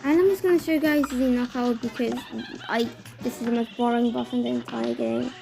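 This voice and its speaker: High-voiced chatty woman gaming commentator. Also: a little fast, creaky, faint music behind. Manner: chatty, excitable, rambling. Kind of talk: casual game commentary voice-over.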